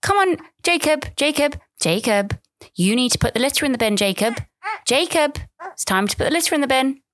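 A woman putting on the voice of an over-patient parent who loudly narrates every step to a toddler. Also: high-pitched, lively intonation, brisk, voice pushed up. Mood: coaxing. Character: loud, over-patient gentle-parenting mum or dad.

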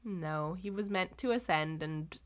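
A woman's voice: lowish voice, unhurried. A young woman co-hosting a podcast, rambling casually with many "like"s and playfully imitating characters as she recaps a TV episode. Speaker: podcast co-host.

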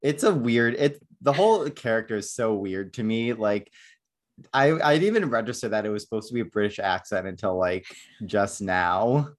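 A man's voice: lowish voice, animated, moderate pace. A man hosting a podcast, talking casually about a film and rambling with many filler words. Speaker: podcast host. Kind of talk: casual chat.

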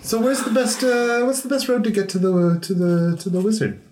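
A tabletop game player who talks in a chatty way and goes gentle and soothing when in character. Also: medium pitch, normal speed, reverberant, background noise. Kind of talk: tabletop role-play, in and out of character.

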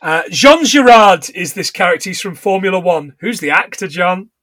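High-voiced podcast host. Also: male voice, lively intonation, normal speed, bright, forceful tone, no echo. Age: middle-aged. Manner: laughs often, retells scenes with rough put-on voices. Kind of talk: casual chat recapping a film.

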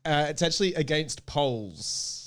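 A young man co-hosting a casual podcast, recounting events in a relaxed, dry way. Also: a little high, moderate pace. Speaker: podcast co-host.

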